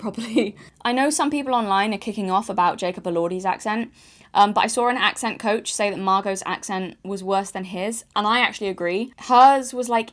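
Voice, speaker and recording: A woman from Yorkshire with a mild English accent, giving an opinionated video essay in a blunt style with casual asides. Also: medium pitch. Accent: mild English, no strong Yorkshire accent. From Yorkshire, England. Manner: opinionated, blunt, sometimes swears.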